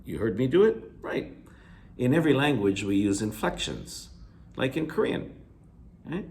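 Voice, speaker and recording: A man's voice: big pitch swings, normal speed, vocal fry. A man teaching a recorded lecture, restating each key word with simpler synonyms and repeating himself as he works through answers. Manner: stretches pitch up on examples, lets phrase ends drop quiet. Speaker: English teacher. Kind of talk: video lecture going over reading answers.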